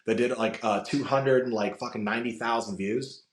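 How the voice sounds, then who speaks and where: A man's voice: mid-range voice, steady tone, moderate pace. A man from the United States, a podcast guest, chatting casually in rambling stories full of swearing. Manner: rambling storytelling with frequent swearing. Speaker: guest, wrestling content creator. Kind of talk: casual interview chat. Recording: echoey room.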